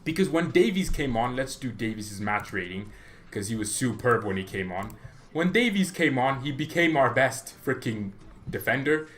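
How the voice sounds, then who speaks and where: A young man talks through a football match in a casual reaction vlog. He is animated and opinionated, jumping between thoughts with quick restarts. His voice sits at an ordinary male pitch. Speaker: football fan channel host.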